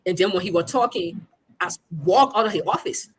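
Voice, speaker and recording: A woman's voice: mid-range voice, brisk, a little hiss or hum. A woman journalist with a Liberian English accent, telling a story in conversation and acting out the quoted voices. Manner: animated, acts out quoted speech. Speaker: journalist guest.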